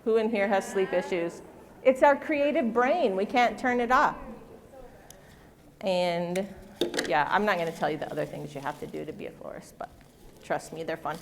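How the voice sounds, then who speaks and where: A woman's voice: medium pitch, moderate pace, creaky, long pauses. Chatty middle-aged woman in a reverberant hall. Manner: chatty, self-deprecating, joking with the audience. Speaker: floral design presenter. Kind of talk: live stage demonstration. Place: stage in a large convention hall.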